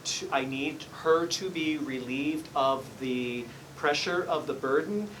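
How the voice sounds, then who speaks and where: A man's voice: a little high, slow, a bit bright, far from the mic, a little hiss or hum, rough recording. Earnest man giving a psychic reading. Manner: earnest, polite, keeps apologizing while relaying messages. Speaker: psychic medium. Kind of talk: live reading session. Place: hair salon, indoors.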